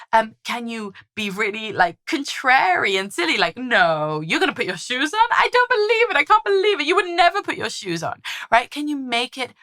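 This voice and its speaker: A woman's voice: a little high, bright, forceful tone. A woman parenting coach giving encouraging advice to mothers in a vlog, asking lots of rhetorical questions.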